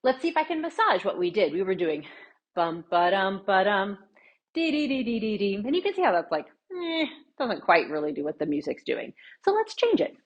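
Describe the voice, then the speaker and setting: A woman leading a dance lesson in a mid-pitched voice, singing out the counts and checking in with her students. She scats the beats as she demonstrates the steps and often asks "right?". The recording sounds slightly dull and lo-fi. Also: wildly swooping pitch, brisk, hardly any pauses, breathy edge. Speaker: dance instructor.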